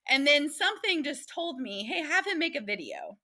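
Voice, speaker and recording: A woman's voice: high voice, lively intonation, normal speed, hardly any pauses, sharp tone. A woman, animatedly telling dating stories as a guest in a casual interview and acting out the voices of the people she quotes.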